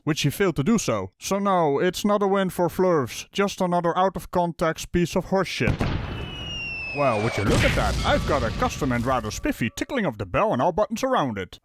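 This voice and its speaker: A man's voice: a little high, dry recording, studio quality. A man from the Netherlands giving sarcastic, mocking reaction commentary, laughing often. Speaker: YouTube commentator.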